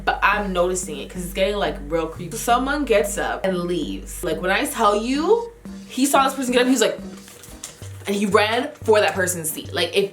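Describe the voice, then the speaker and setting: A young woman vlogger telling a story casually, animated and full of slang, acting out her own reactions. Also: lowish voice. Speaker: beauty vlogger. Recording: roomy echo with faint music.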